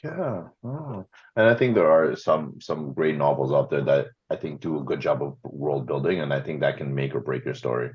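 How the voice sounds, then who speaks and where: A man's voice: a bass voice, expressive, normal speed, husky. A man hosting a podcast, chatting casually in an upbeat, encouraging way with slangy phrasing. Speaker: podcast host. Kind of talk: casual chat. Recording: slightly dull lo-fi sound.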